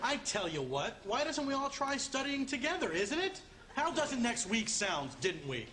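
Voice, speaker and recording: A man's voice: very high-pitched, sing-song, normal speed, sharp tone, slight background noise, exaggerated voice. An actor playing a cheerful male student in a comedy sketch who keeps botching his question tags. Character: cheerful male student mangling English grammar. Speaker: language learner in a comedy sketch.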